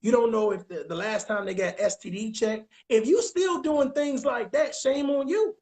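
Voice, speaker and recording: With a very high but darkish voice at a moderate pace, a man offers casual relationship advice. He's emphatic and repetitive, restating phrases and regularly asking listeners if they understand.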